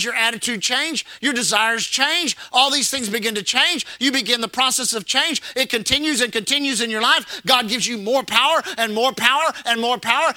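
A pastor preaches a sermon in a very high-pitched, sharp voice with no echo. He repeats phrases and calls on the congregation to respond, call-and-response style.

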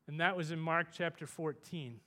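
A man preaching a sermon, earnest, rising loud for emphasis and dropping soft on tender points. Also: normal speed. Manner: earnest, rises in pitch and volume for emphasis, softens for tender points.

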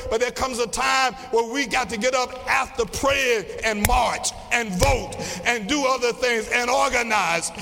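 Male pastor, high gravelly voice, rhythmic sermon delivery, long hall reverb. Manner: rhythmic preaching, swings from quiet to shouting.

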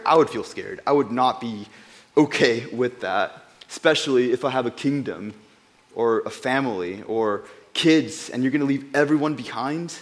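Speaking in a mid-range voice at a moderate pace, a man leads a casual devotional on the Bible, sincere and talkative. He tends to repeat words as he goes and lowers his voice at emotional points.

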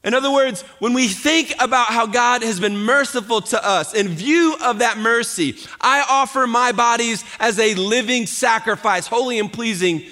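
A man's voice: very high-pitched, moderate pace, few pauses, pushed and bright, faint music behind. A man preaching a sermon as pastor, talking conversationally with rhetorical questions and repeated restarts.

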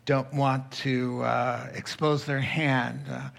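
Slow-speaking man preaching a sermon. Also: medium pitch, flat delivery, creaky, a bit bright. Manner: storytelling, reads scripture with asides. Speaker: pastor.

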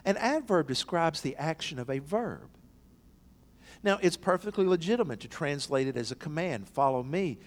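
A man's voice: on the high side, animated, moderate pace. A man preaching an emphatic sermon in a church, bringing quoted voices to life. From East Tennessee. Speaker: pastor. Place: church sanctuary. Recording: long hall reverb.

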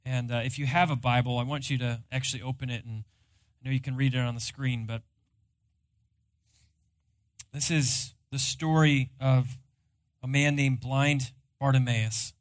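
A male pastor preaching a sermon, retelling a story dramatically and swinging between loud and hushed. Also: medium pitch, steady tone, moderate pace, dry recording.

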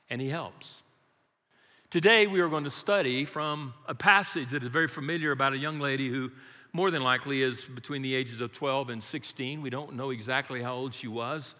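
A man's voice: medium pitch, moderate pace, bright, forceful tone. An older man, a great-grandfather, preaching a sermon in a church, praying and telling folksy, humorous family stories. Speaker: guest preacher. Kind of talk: sermon with prayer and storytelling. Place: church sanctuary. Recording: long reverb of a large hall.

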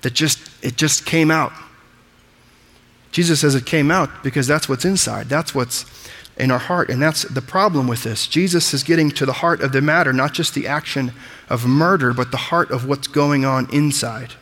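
A man's voice: mid-range voice, moderate pace, a bit bright, big-room sound. A man preaching a sermon with emphatic delivery, explaining scripture word by word. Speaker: pastor.

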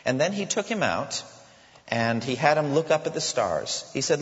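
Man preaching with a lively voice in a reverberant church. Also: mid-range voice. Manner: emphatic, preacherly, slows down to stress points. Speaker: pastor. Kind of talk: sermon. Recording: dull sound with long hall reverb.

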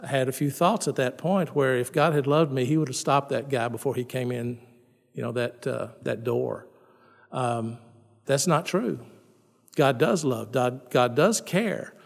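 Pastor preaching with long hall reverb. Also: male voice, mid-range voice. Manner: conversational, repeats and restarts words, asks listeners questions. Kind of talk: sermon.

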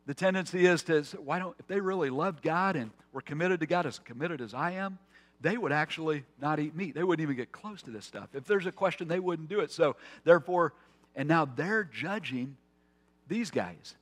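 A man's voice: fairly high pitch, lively intonation, normal speed. A man preaching a conversational sermon as pastor, with asides and restarts. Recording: long hall reverb.

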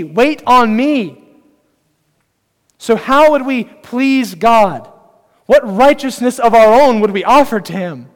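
A high-pitched man preaches in an unhurried, deliberate way, leaning on rhetorical questions to draw in his listeners. His voice rings out with a long reverb from a church hall. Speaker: pastor. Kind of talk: sermon.

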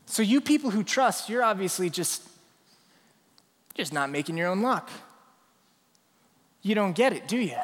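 High, lively-voiced man preaching. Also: measured pace, pauses often. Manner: animated storytelling, acts out scenes. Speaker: pastor. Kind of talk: sermon. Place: church sanctuary. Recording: long reverb in a large hall.

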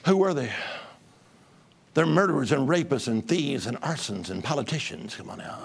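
A man from Alabama preaching his testimony as an evangelist, exuberant, shouting and breaking into tongues. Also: medium pitch, very animated, moderate pace, vocal fry, noisy background. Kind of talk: testimony sermon.

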